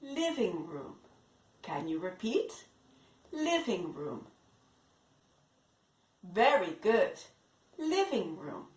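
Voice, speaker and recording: A woman teaching English to young children in an online lesson, slowly repeating words for them to copy. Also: mid-range voice, sing-song, a little mellow. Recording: echoey room.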